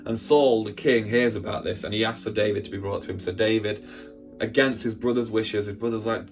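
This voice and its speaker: A man, a church presenter, telling a Bible story in a lively, acted-out way with sound effects. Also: fairly low pitch, fairly quick, faint music behind.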